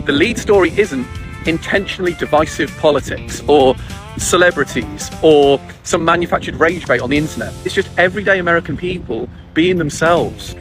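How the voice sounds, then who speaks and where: A man with a slightly raised pitch speaks sincerely to camera, heartfelt and reflective. Clear music runs behind his voice. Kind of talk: casual talk to camera.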